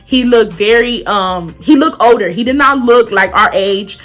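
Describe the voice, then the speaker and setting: A young woman telling a casual, profane storytime, loudly acting out what people said. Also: a little high, normal speed. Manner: animated, profane, acts out quotes loudly.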